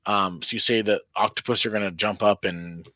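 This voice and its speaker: Rambling game master, low bright voice. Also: male voice, fairly even intonation, a little fast, no echo, highs cut off. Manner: rambling, many fillers. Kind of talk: narrating a tabletop game.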